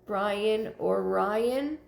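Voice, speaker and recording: A woman giving a live psychic reading, relaying messages in a halting way with many fillers. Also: mid-range voice, vocal fry, echoey room. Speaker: psychic medium.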